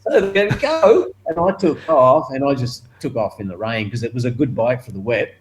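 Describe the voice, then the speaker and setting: Speaking briskly on a rough recording with slight background noise, a retired Australian motorcycle racer in his later years recounts a story for an interview. He performs the other characters' voices at a higher pitch, laughing animatedly.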